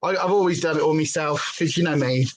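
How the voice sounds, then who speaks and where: Speaking quickly in a low-pitched voice over poor audio, a British former TV presenter hosts a relaxed home livestream with headphones at a desk. She tells stories with energy, chats freely and drifts into tangents.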